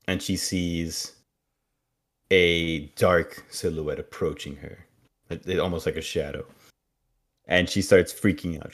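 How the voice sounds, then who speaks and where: A man co-hosting a podcast, recapping a TV episode in a relaxed, wry way. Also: sits low. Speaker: podcast co-host.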